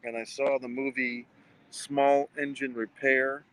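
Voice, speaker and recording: A man's voice: mid-range voice, little pitch movement, a little slow, a bit bright, smooth, low-quality recording. Rambling, profane man vlogging outdoors. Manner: rambling and profane, with frequent restarts. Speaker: vlogger and film reviewer. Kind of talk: casual livestream movie review. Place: outdoors outside a movie theater.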